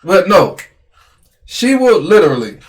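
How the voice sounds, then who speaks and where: Man, high-pitched, slightly hoarse, animated complaining, casual podcast. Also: a little slow. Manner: animated, complaining, repeats himself. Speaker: podcast co-host. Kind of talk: casual argumentative chat.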